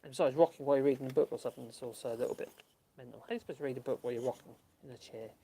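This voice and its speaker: A man talks casually as he carves in his workshop, rambling from one thought to the next. His voice sits in an ordinary middle pitch, and he chuckles to himself now and then. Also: rapid-fire, creaky, mellow, slightly rough. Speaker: woodworking channel host. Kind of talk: casual chat while working.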